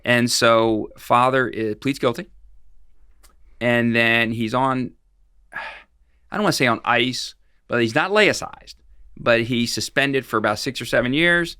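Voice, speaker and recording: A man's voice: mid-range voice, a little slow, pauses often, bright, forceful tone, clear, resonant tone, dry recording, clean studio sound. A middle-aged man, a guest expert on financial fraud, recounting cases in a casual interview, rambling along with frequent restarts and fillers.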